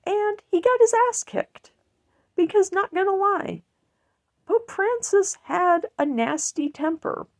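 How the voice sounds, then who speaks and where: A woman's voice: extremely high pitch, animated, slow pace. A woman giving a blunt, earnest personal monologue that rambles and restarts. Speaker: online commentator.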